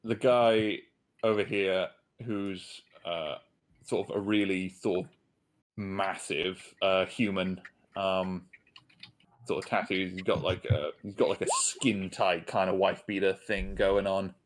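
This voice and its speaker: Male game master, low voice, unhurried, halting delivery full of fillers. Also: level tone, a little hiss or hum. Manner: hesitant, many ums and uhs. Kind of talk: narrating a tabletop game.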